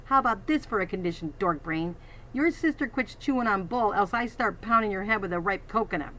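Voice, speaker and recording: A woman's voice: mid-range voice, lively intonation, fairly quick, bright, forceful tone, a little hiss or hum. A woman voicing a vicious teenage boy bully in a storybook reading, sneering and snapping threats. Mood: threatening.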